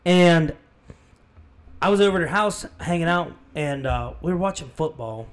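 A man's voice: on the high side, moderate pace. A man co-hosting a casual podcast, telling rambling, easygoing stories. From not from the area. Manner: relaxed rambling storyteller. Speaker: podcast co-host. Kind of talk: casual chat.

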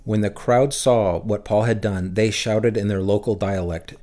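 A man reading Bible passages aloud for a church, in a measured, steady way that slows down for emphasis. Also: on the low side. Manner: lifts his voice for shouted lines in the text. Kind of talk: scripted scripture reading.

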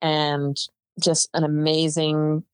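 A woman in her twenties, a softball player chatting as a podcast guest in quick, filler-laden bursts. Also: deep voice, completely flat delivery, smooth, no echo. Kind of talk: casual interview chat.

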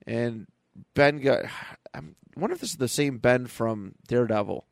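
A man co-hosting a podcast retells a comic issue in loose, casual chat. He slips into quick character voices as he goes, at a middle pitch. The sound is close and dry, with no room around it. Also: creaky, no room sound. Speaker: podcast co-host.

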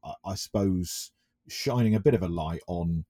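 A man's voice: deep voice, normal speed, dark tone. A man from England co-hosting a casual film podcast, hesitant, with many restarts. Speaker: podcast co-host.

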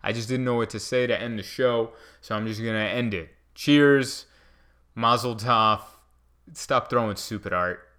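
A man hosting a podcast, telling a comic story in an animated, self-mocking way. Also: medium pitch, measured pace, smooth. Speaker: comedian podcast host. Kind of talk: casual comedic monologue.

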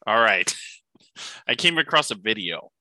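Bright-voiced joking podcast co-host, man. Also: fairly low pitch, big pitch swings, measured pace, dry recording. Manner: joking, laughs often. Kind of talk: casual podcast chat.

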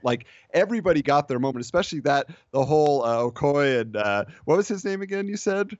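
A man's voice: mid-range voice, animated, brisk, few pauses, no echo, highs cut off. A man in a casual film conversation, rambling with lots of asides and fillers.

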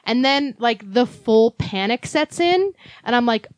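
A woman telling a frantic story in casual chat, animated and swearing often, acting out panicked quotes. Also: on the high side, a little slow, dry recording.

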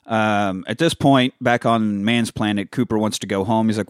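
Man, casual film recap, profane storyteller, low pitch, dry mic. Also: steady tone, moderate pace, hardly any pauses, clean tone, no echo. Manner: profanity-laced storytelling with quoted character voices. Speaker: podcast co-host recapping a film.

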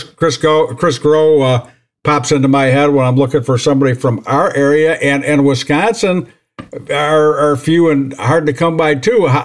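Chatty higher-voiced male podcast host. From Northern Illinois. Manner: chatty, repeats words as he restarts. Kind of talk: casual interview chat.

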